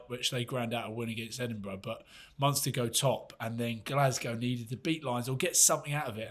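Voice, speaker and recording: A man co-hosting a casual podcast chat, telling a story in a lively, laughing way and swearing freely. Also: medium pitch. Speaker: podcast co-host.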